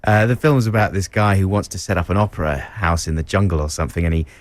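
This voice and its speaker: A man co-hosting a radio show in relaxed casual chat. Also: deep voice, fast, no room sound. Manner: relaxed, does impressions. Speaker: radio host.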